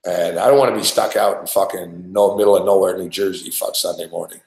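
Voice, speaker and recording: A man's voice: low-pitched, steady tone, a little fast, gravelly, darkish tone, echoey room, low-quality recording. A man from Quebec chatting casually and profanely on a betting show, with lots of "like" and "you know what I mean". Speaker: sports betting show regular. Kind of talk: casual chat. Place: studio.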